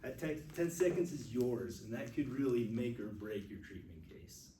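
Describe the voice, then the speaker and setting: A man teaches first aid to a seated class, speaking in an earnest and candid way as he tells stories from his nursing work. His voice is mellow and warm in tone. He sounds some distance from the microphone in an echoey room. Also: mid-range voice, lively intonation, normal speed, a little hiss or hum. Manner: earnest, speaks openly about emotion. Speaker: first aid instructor, nurse. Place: classroom with audience. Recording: echoey room recorded from far off.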